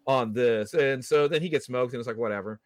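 A man's voice: mid-range voice, a little fast, no echo. A man co-hosting a horror podcast, chatting casually in a rambling way with quoted asides. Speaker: podcast co-host. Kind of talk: casual chat.

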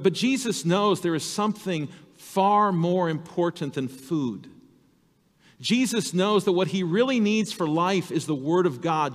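A man preaching a sermon as pastor, earnest and vivid, acting out the voices he quotes. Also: fairly high pitch. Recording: reverberant hall.

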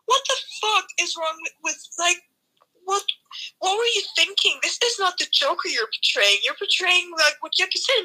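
A woman's voice: extremely high pitch, animated, normal speed, sharp tone, poor audio. A young woman chatting casually, ranting animatedly and swearing a lot. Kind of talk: casual chat.

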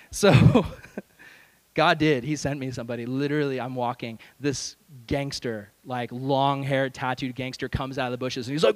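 A young adult man, a youth pastor, telling a lively self-deprecating story in a sermon and acting out the voices. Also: mid-range voice, moderate pace. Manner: animated, self-deprecating, acts out voices in stories.

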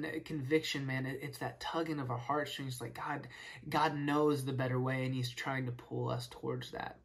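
A speaker giving a casual Bible study, explaining verses with rhetorical questions and peppering the talk with "right?" and "man.". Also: medium pitch. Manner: casual, filler-heavy, keeps saying "right?" and "man". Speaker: Bible teacher.

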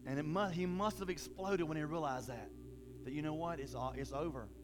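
High-voiced man preaching a lively sermon. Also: fairly quick, music in the background. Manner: animated, conversational preaching with bursts of emphasis; folksy, casual phrasing.

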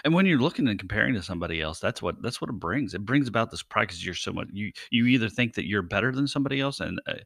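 Man, pastor co-host, animated low voice, dry close sound, self-mocking. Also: very fast, creaky, few pauses, no echo. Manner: lively, self-deprecating, laughs easily. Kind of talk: casual podcast chat. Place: home dining room.

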